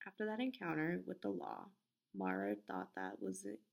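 A woman's voice: on the low side, big pitch swings, moderate pace, creaky. A woman hosting a casual podcast, stumbling over her words, correcting herself and apologizing into a desk microphone. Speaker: podcast host. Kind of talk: casual podcast narration with outtakes.

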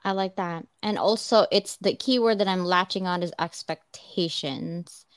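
A woman hosting a casual conversation, telling stories in a chatty, animated way. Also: fairly low pitch, moderate pace, smooth, no room sound. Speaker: host. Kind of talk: casual chat.

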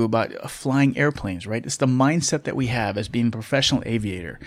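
A middle-aged man, a former military officer turned pilot, telling a story in a candid, reflective way with fillers and restarts. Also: medium pitch. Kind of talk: casual storytelling.

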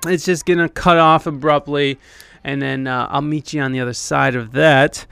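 A young man with a slightly high, smooth, clear voice tells a rambling, foul-mouthed story in a casual podcast monologue. He mocks himself as he goes, and the sound is close and dry, with no room around it. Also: fairly even intonation, normal speed, a bit bright, no echo. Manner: rambling, profane, self-deprecating. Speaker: podcast host and band keyboardist.

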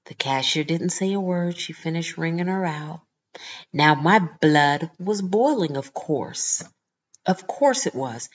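A woman hosting a podcast, telling a story in an animated, indignant way and acting out the people in it. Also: low voice, takes it slowly, highs cut off. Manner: animated, indignant storytelling with lively quoted voices. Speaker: podcast host. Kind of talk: casual storytelling monologue.

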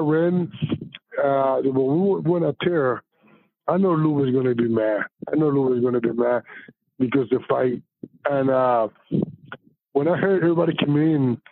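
This gravelly-voiced man, a former baseball pitcher, is an interview guest spinning casual stories on a podcast by phone, so the sound is tinny. His voice is mid-range with no echo, and he gets animated, cursing and belting out quoted lines.

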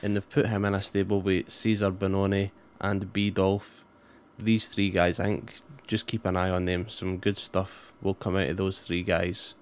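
A man's voice: sits low, flat delivery, moderate pace, smooth. A man co-hosting a casual wrestling chat, dry and matter-of-fact with some swearing. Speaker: wrestling podcast co-host.

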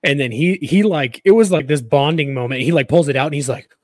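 A man co-hosting a podcast, telling a story in a casual, animated, rambling way full of restarts and laughter. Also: on the high side, fairly quick, no echo. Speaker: podcast co-host.

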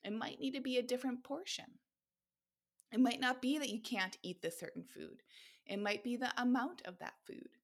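A woman hosting a nutrition podcast, talking in an energetic, emphatic motivational monologue and swearing freely. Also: a little high, normal speed. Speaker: podcast host, nutrition coach.

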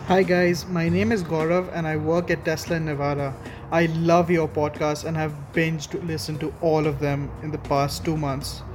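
A man reading out his question for a podcast in a flat, even delivery. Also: fairly high pitch, normal speed, slight background noise. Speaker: listener sending a question. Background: music.

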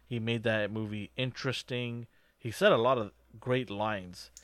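A man co-hosting a casual movie review chat, rambling with lots of fillers and animated reactions. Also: medium pitch, measured pace, no echo.

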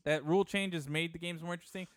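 A man co-hosting a casual sports podcast, animated and laughing often, with frequent swearing. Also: fairly high pitch, rapid-fire, clear, resonant tone, dry recording, studio quality. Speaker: podcast co-host.

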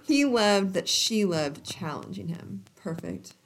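A woman's voice: medium pitch, big pitch swings, slow pace, slight background noise. A woman co-hosting a podcast, reading romance passages aloud with lots of giggling and side comments. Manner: giggly, breaks off into laughter and asides. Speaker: podcast co-host.

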